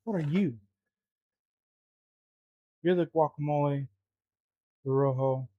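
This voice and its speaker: A man's voice: a little high, takes it slowly, dry recording, phone-quality sound. A man cooking at home, talking to himself in a flustered, muttering way and swearing often. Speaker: home cook vlogger. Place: home kitchen.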